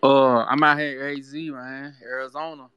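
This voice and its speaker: A man's voice: mid-range voice, little pitch movement, normal speed, clean tone, no room sound, dull audio. A man from South Sudan calling in to a radio show, friendly and laid-back. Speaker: caller. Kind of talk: call-in chat.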